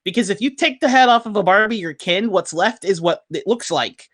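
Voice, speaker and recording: A woman's voice: medium pitch, a little fast. A woman chatting casually about a movie, telling scenes animatedly with lots of fillers and laughter. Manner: animated storyteller, laughs often, many fillers.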